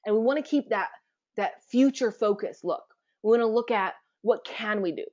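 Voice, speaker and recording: A woman's voice: a little high, moderate pace. Chatty woman presenting a webinar, dull audio. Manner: asks rhetorical questions, relaxed and chatty.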